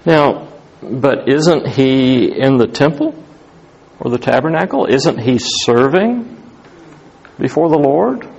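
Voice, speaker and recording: A male pastor preaching a sermon with a gravelly, husky voice. He swings between emphatic raised lines and quiet, hushed ones. His voice sits at a middle pitch. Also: takes it slowly, highs cut off. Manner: animated, rising to emphatic highs then dropping to hushed tones.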